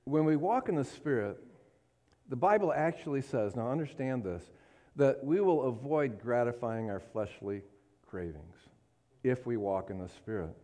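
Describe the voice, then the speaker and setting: A man preaches a fervent, emphatic sermon, often calling on the congregation for an amen and building to impassioned peaks. His voice is medium-pitched, animated and mellow, at a moderate pace.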